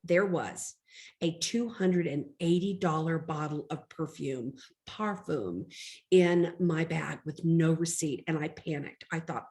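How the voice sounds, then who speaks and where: A woman's voice: sits low, lively intonation, normal speed, darkish tone. A middle-aged woman, a life coach giving a motivational lesson through chatty personal stories told straight to her audience. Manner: chatty storytelling, addresses audience directly. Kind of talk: motivational talk.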